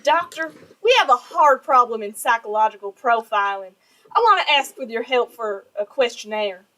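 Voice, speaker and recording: Brief: woman doing a bright, high Southern-accented trainee, earnest and polite. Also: expressive, moderate pace, poor audio. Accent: put-on American Southern. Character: young female trainee agent, earnest. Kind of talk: live staged script reading.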